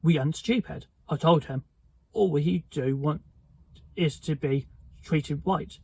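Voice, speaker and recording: A man reading a children's storybook aloud, voicing a gruff, blunt and motherly old ewe with a harsh, croaky voice and folksy grammar. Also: a little high, very animated, unhurried, no echo, heavily acted, rough recording. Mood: forthright. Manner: loud, forthright, folksy grammar.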